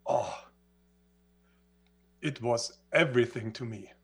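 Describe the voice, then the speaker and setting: A husky-voiced man, not a native English speaker, recounting his past in an interview. He talks earnestly at a middling pitch, restating phrases as he searches for the right word. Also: takes it slowly, fairly bright tone. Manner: earnest, searching for words, repeats himself. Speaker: guest. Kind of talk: reflective storytelling in conversation.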